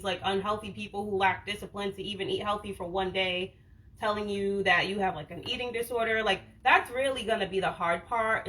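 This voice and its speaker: Bright-ish and mid-range, this Boston woman's voice comes through a rough recording as she runs a casual wellness livestream. She tackles viewer comments frankly, with slang, a steady stream of "like," and the odd swear. Her Boston accent skips the stereotypical broad vowels.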